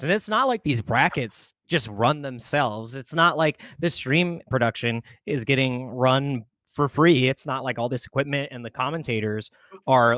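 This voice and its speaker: A man's voice: mid-range voice, a bit bright, no room sound. A man on a casual panel stream, arguing emphatically and running his sentences together. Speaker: guest on a community stream.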